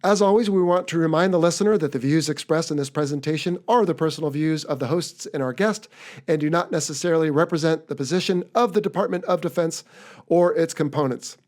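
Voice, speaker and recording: A man's voice: a little high, fast talker, a little mellow. Upbeat American man hosting a podcast. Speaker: podcast host. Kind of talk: casual podcast chat.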